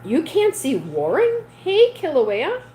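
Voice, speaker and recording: A woman's voice: high voice, huge pitch swings, takes it slowly, mellow, a little hiss or hum, poor audio. A woman hosting a casual livestream, chatting with viewers and reading their comments aloud. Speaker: livestream host. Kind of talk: casual live chat with viewers.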